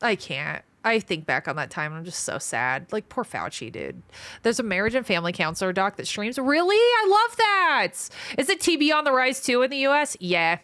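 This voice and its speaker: A woman's voice: mid-range voice, very animated, sharp tone, no echo. A woman streaming live, chatting casually and reading viewer comments aloud, a surgical trainee with a frank, profane way of talking. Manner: frank, profane, quick to vent.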